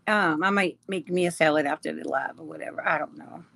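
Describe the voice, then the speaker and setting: A woman's voice: sits low, a little fast, vocal fry, a bit bright, no echo. A woman hosting a casual live chat, reading comments aloud, teasing her viewers and laughing often. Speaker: livestream host.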